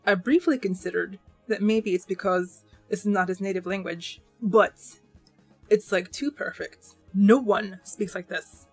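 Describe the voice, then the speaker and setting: A young woman giving a casual, animated book review to camera, ranting with many "like" fillers. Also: medium pitch, measured pace, slightly rough, faint music behind.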